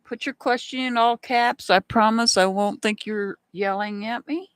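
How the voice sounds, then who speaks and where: A woman's voice: on the high side, steady tone, a little slow, clear, resonant tone, no echo. A woman hosting a live rune reading stream, chatting casually and greeting viewers by name. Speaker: rune reader.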